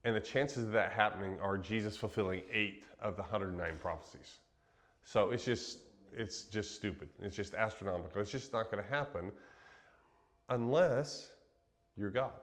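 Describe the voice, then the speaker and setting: A man from Western Kansas giving a relaxed, chatty Bible teaching, laughing easily and filling pauses with ums. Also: fairly low pitch. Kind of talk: casual Bible teaching chat.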